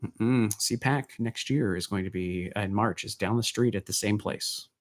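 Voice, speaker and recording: A middle-aged man with a fairly low voice hosts a casual online talk show at a moderate pace. He chats loosely, rambling from one thought to the next.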